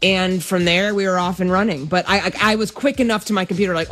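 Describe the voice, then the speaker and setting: A woman's voice: on the low side, quick pace, soft background music. A woman hosting a sports radio show, telling a story with animation and acting out what others said. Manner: animated storytelling, acts out quotes. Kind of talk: casual radio chat.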